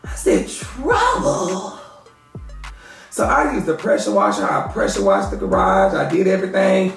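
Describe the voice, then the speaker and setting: A woman with a Southern American accent, telling a wild personal story in an animated storytime vlog and swearing freely. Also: brisk, vocal fry, reverberant, far from the mic, faint music behind. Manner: animated, swears a lot, acts out her own lines in a high loud voice.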